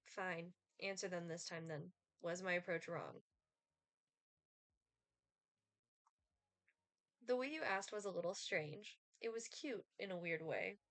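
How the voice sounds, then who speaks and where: A woman's voice: lowish voice, moderate pace, a bit bright, no echo. A woman reading aloud the lines of a sardonic, aloof male Reaper from a dating game, with a dry, condescending delivery. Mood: teasing.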